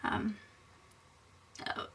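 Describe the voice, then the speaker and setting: A young woman from Essex with an Essex accent, chatting casually in a rambling vlog, giggling often and filling pauses with lots of ums. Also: sharp tone, distant mic. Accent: Essex English. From England (Essex).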